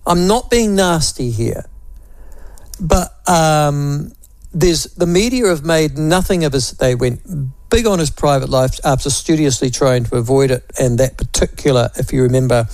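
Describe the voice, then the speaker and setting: A man's voice: a little high, moderate pace, a little mellow, no echo. A man with a New Zealand accent hosting talk radio, musing aloud in a wry, opinionated way and toying with phrases.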